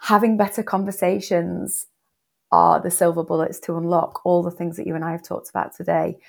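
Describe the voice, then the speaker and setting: Woman, podcast guest; gravelly, slightly low voice; earnest, emphatic delivery. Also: level tone, fairly quick, darkish tone. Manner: emphatic, earnest, repeats words for stress. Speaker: author and coaching guest. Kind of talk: podcast interview answers.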